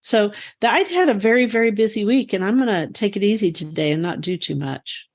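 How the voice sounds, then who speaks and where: A woman's voice: mid-range voice, animated, a little fast. Enthusiastic rambling woman co-host. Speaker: podcast co-host. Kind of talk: casual chat.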